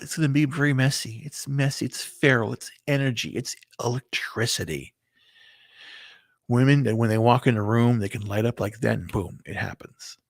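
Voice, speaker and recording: A man delivers a loose, rambling commentary straight to his viewers, often restarting his sentences and muttering curses to himself. His voice is gravelly with a husky edge. The recording is dry and close. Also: medium pitch, no echo. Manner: rambling, restarts, swears under breath, sharing screen. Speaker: video commentator. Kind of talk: casual opinion monologue to camera.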